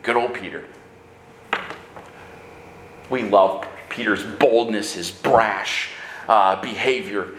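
A man preaching a sermon in an animated way, sometimes raising his voice and acting out quick bits of dialogue. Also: fairly low pitch, reverberant, slight background noise. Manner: animated preaching with bursts of shouting; acts out dialogue in quick asides. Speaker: pastor.

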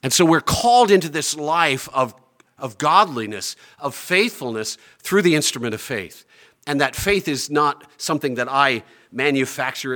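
A man preaching a sermon from the pulpit. He leans on key phrases, drawing them out slowly. His volume swings from ringing declarations down to hushed, quiet asides. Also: medium pitch. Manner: emphatic, slows down on key phrases. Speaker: pastor.

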